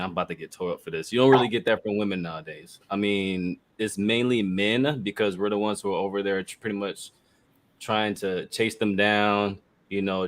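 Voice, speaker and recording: Hesitant lower-voiced man on a panel. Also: fairly bright tone. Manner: hesitant, laughing self-consciously. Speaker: panel regular. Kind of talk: casual panel chat.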